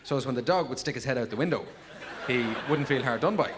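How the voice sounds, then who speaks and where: An Irish man in his thirties doing live stand-up, telling rambling stories in a deadpan way with sudden high yelps. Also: fast. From Ireland. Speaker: stand-up comedian. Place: packed theatre with laughing audience. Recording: 1990s VHS tape with audible noise.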